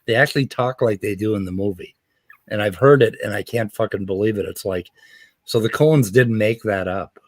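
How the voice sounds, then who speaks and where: A man's voice: on the low side, moderate pace, no room sound. A man hosting a casual stream chat, blunt and joking, swearing freely.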